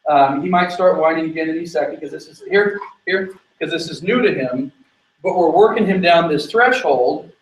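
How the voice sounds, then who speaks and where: A man explains his dog-training method on location, interrupting himself with quick commands to the dog. Heard from some way off, his voice is slightly higher than typical for a man and has a roomy, echoey sound.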